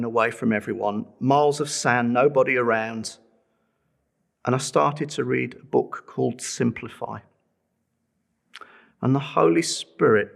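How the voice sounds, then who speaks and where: A man's voice: mid-range voice, vocal fry. A middle-aged man preaching a sermon, telling a personal testimony with earnest feeling and pleading with listeners to respond.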